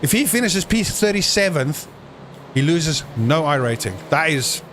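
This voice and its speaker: A man giving jokey, excitable live commentary on a sim race, breaking into shouts at crashes. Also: fairly high pitch, a little slow, a little hiss or hum.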